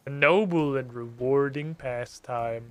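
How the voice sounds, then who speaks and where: A man reading the lines of a prim, aloof talking cat in a game, in a slow, drawn-out way. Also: medium pitch, lightly acted. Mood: haughty.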